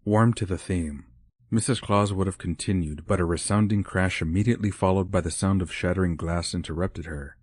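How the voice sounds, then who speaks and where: Low-voiced male audiobook narrator. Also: steady tone, normal speed, a little mellow, slightly rough, no room sound, studio quality. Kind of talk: scripted narration.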